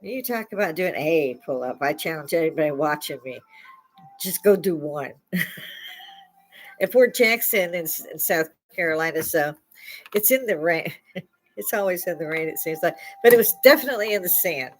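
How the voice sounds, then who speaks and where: A woman's voice: low voice, lively intonation, normal speed. An older woman from Chicago hosting a live stream, telling rambling stories into a lapel mic and often laughing mid-sentence. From Chicago, USA. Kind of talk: casual storytelling chat.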